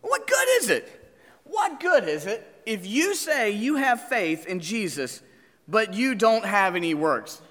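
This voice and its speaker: A man preaching from the pulpit, keeping up a lively back-and-forth of questions with his congregation. His voice sits high and swings widely in pitch. The long reverb of a church hall trails each phrase. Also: slow pace. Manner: animated, asks the congregation questions. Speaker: pastor. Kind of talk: sermon.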